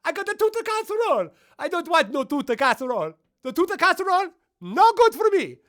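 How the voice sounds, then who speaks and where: A man voicing an eager, hyped-up character with an excited, pleading voice. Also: very high-pitched, fast, full character voice.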